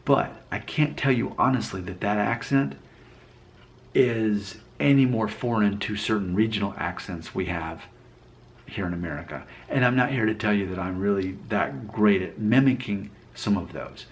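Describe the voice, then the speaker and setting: A man's voice: on the low side, moderate pace, a little hiss or hum. A man from Alabama talking casually to camera, rambling and self-deprecating as he thinks aloud. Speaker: vlogger. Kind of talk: casual talking-head commentary.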